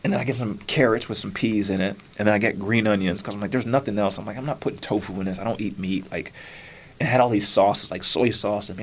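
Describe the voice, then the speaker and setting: Here a male podcast host talks quickly while recounting something that happened to him, voicing his own past lines in a casual chat. He shifts between whispers and high-pitched moments.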